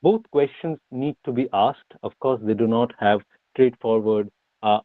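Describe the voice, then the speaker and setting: A man's voice: mid-range voice, measured pace, no echo. Man lecturing over tinny call audio. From India. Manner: rhetorical questions, frequent uh fillers and restarts. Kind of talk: academic online lecture. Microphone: video call.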